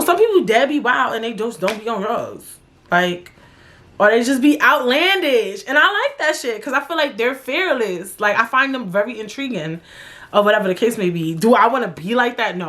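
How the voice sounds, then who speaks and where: Podcast host, young woman from New York, casual and profane, pitched a bit high. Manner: animated, profane, slangy storytelling. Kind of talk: casual storytelling monologue.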